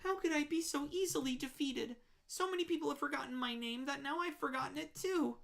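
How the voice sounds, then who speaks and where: Woman doing a high, forgetful flame monster. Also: brisk, creaky, fairly bright tone. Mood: plaintive. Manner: plaintive, pleading, insistent questions.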